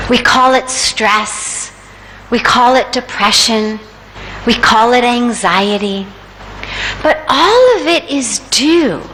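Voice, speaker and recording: A woman giving a spiritual discourse at a yoga festival, telling a parable in a measured storytelling manner. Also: a little high, fairly bright tone. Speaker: spiritual speaker. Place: large hall at a yoga festival. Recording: echoey hall with faint noise.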